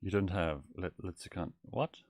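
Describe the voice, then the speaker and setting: A man's voice: deep voice, fairly even intonation, moderate pace, darkish tone, no echo, studio quality, lightly acted. A man voicing a flamboyant male owl demon prince while streaming a game in character, theatrical and giggly, calling people darling. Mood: playful. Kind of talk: in-character gameplay livestream.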